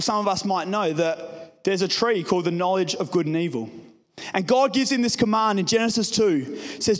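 A young man preaching a sermon to his congregation, telling a personal story in a casual way. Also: high voice. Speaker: pastor. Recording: reverberant hall.

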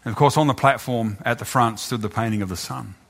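A man preaching, telling a story in a halting way, often repeating his words. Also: medium pitch, creaky. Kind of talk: sermon storytelling.

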